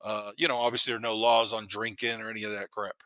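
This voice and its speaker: Fast-talking, bright-voiced man in his fifties. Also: on the low side, no room sound. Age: 50s. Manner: rambling and animated, swears freely, laughs while telling stories. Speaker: podcast guest. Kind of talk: casual storytelling.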